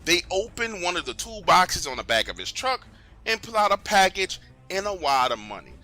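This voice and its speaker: A man narrating a true story in the first person, in a conversational, animated way. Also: sits high, moderate pace, soft background music.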